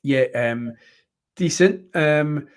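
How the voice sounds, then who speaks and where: A man's voice: fairly high pitch, extremely slow, clean tone. A man hosting a casual live-stream chat, rambling with many ums and fillers. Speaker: host.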